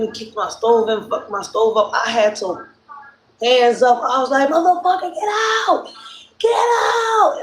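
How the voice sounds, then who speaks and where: A hoarse woman with a Philadelphia accent hosting a casual livestream, telling stories bluntly with plenty of profanity. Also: a little high, fairly bright tone, slight background noise. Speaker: live stream host. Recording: roomy echo.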